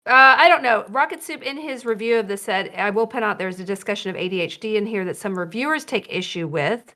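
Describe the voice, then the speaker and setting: A woman hosting a book club, announcing the next book and news in a relaxed, upbeat way. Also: mid-range voice, brisk. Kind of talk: casual chat.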